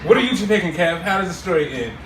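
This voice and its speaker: A man's voice: high voice, animated, rapid-fire. A man in casual podcast banter, asking wry questions about the story. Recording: echoey room, distant mic, noisy.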